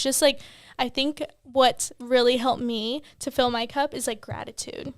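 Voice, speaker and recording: A woman's voice: sits high, flat delivery, normal speed, clear, resonant tone, no echo. A young woman and new mom co-hosting a podcast, rambling candidly with lots of "like" and casual swearing. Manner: rambling, heavy on "like", swears freely.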